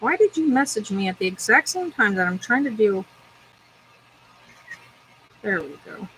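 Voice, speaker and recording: A woman's voice: mid-range voice, very animated, normal speed, a bit bright, slight background noise, low-quality recording. A young woman chatting to herself in a casual vlog, bubbly and talkative. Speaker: vlogger.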